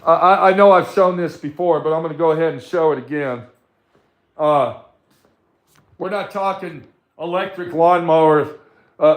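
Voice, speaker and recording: An older man ranting profanely to live-stream viewers from his workshop, answering their comments combatively. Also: on the high side. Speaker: livestream host. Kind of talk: angry live-stream rant.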